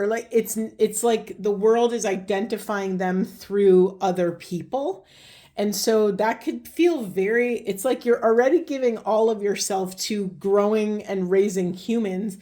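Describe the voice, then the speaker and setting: Mellow-voiced woman giving a rambling card reading. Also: mid-range voice, measured pace. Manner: meandering, searching for words with many fillers. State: voice getting hoarse. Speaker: tarot reader. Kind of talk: spiritual card reading monologue.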